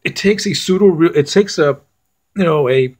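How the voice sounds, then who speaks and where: A man's voice: a little high, normal speed, a little mellow. Blunt, swearing man ranting about films. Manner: blunt and profane, with restarts. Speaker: film reviewer. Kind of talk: casual film review rant.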